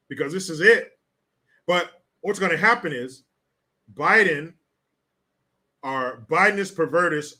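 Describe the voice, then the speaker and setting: Bright-voiced sarcastic male political host. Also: on the high side. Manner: sarcastic, blunt, swears freely. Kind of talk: casual political commentary livestream.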